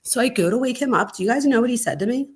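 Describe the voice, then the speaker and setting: A woman hosting a true crime livestream from home, chatting casually in an excitable way and saying "like" a lot. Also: on the high side, racing, husky. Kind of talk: casual live-stream chat. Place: at home during a storm.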